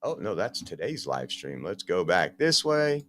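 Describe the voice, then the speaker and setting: Bright-voiced sarcastic male podcast host. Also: low-pitched, sing-song, a little slow. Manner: emphatic, sarcastic, rambling. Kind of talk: opinionated commentary.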